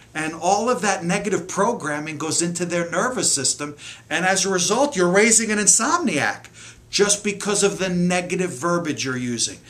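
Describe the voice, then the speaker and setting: A man's voice: high voice, animated, moderate pace, a bit bright. A middle-aged man coaching parents in an earnest, emphatic lesson to camera, acting out the lines parents say.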